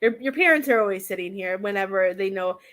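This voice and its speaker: A woman's voice: mid-range voice, lively intonation, fast talker, fairly bright tone. A woman giving a tarot reading as a medium, talking in a rambling, hesitant way that often turns emotional. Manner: rambling, hesitant, full of "I feel like"; emotional and tearful at times. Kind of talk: live-stream tarot reading.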